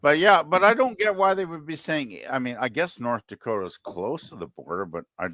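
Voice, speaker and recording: Man in his sixties, from Canada, casual livestream chat, very animated pitch, dry mic. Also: brisk, no room sound. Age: 60s. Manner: animated, repeats and restarts words, exasperated rants. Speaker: livestream co-host.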